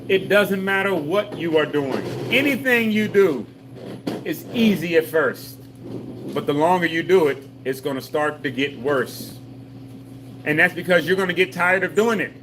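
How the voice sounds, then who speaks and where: A man's voice: on the high side, lively intonation, a little slow, noisy background. A man leading a live exercise class for seniors, giving patient, repetitive step-by-step cues with folksy jokes. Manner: patient, repetitive coaching with call-and-response cues. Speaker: senior fitness instructor.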